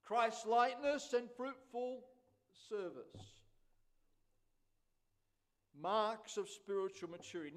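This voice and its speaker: Man, pastor, very high voice, unhurried emphatic sermon delivery. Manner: slow, emphatic preaching with repeated phrases.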